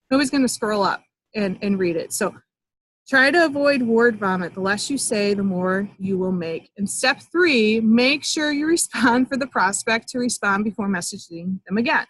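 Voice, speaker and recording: A young woman leads a live online training call, talking in a slightly high, bright-leaning voice. She's chatty and upbeat, full of fillers and quick acted-out sample conversations. The sound is dry and close, like a computer mic with no room around it. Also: slightly rough, no room sound, poor audio. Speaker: network marketing coach.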